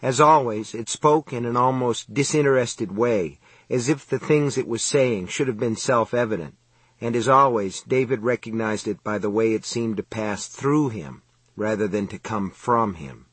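Male audiobook narrator, husky, dry close recording, steady measured read. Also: mid-range voice, no room sound. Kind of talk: scripted narration.

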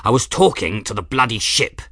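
Narrator doing a gruff cursing engineer guy, snarly and loud, low voice, dry sound. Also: expressive, a little slow, no room sound, heavily acted. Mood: snarling. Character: gruff, foul-mouthed middle-aged male ship engineer.

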